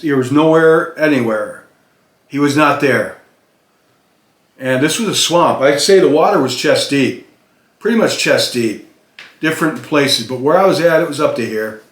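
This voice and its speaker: An older man telling a personal story off the cuff, rambling with restarts and pauses. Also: medium pitch, echoey room. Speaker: storyteller recounting a personal encounter.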